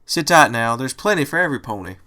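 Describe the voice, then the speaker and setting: A man's voice: medium pitch, expressive, fast talker, pushed and bright. A man voicing a cheerful farm mare with a Southern accent and a folksy, hearty drawl.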